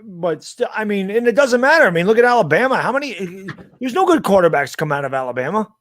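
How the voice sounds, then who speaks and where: A man's voice: high-pitched, sing-song, fast talker, a bit bright, no echo, clean studio sound. A man co-hosting a casual sports talk show, blunt and full of rhetorical questions, with mild cursing as he argues about football. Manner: blunt, rhetorical, swears mildly.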